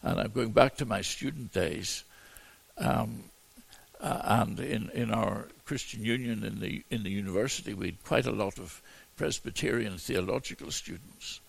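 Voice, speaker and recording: A man teaching through a Bible passage as a preacher, in a halting way full of repeated words and restarts. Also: fairly low pitch. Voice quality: gravelly, husky voice.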